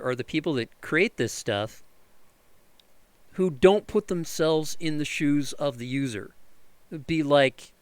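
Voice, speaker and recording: A frustrated man vents while waiting on a slow computer repair, sarcastic and quick to swear. His voice is bright and crisp, and it sounds close and dry with no room around it. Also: no echo. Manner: exasperated, sarcastic, swears freely, mocks others in shrill voices. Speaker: vlogger doing computer repair. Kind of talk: frustrated ranting commentary over screen recording.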